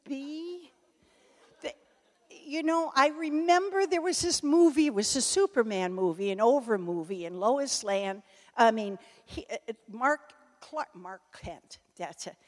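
A woman's voice: on the high side, unhurried. An older woman telling humorous personal anecdotes to an audience, laughing and breaking off mid-sentence as she goes. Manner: animated, laughing, self-interrupting. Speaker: storyteller speaking to an audience. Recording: echoey hall.

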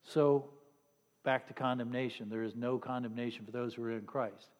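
A man's voice: mid-range voice, fairly even intonation, normal speed, darkish tone. Middle-aged male preacher, chatty and sarcastic, live in a hall with long echo. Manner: conversational, joking, sarcastic asides to the congregation. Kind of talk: sermon.

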